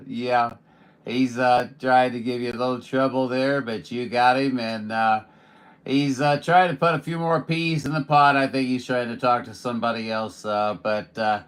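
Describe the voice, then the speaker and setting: A man's voice: mid-range voice, clear, resonant tone. A man from Missouri, a radio operator chatting in a casual, folksy, joking way with other stations. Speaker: radio operator streaming contacts. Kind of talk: casual ham radio chat.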